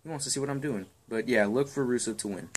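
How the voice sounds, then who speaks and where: Young dude rambling about wrestling picks, crude and offhand, says um a lot. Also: male voice, medium pitch, fast, a little hiss or hum. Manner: rambling, crude and offhand, lots of ums and swearing. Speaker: wrestling predictions vlogger. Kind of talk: casual chat.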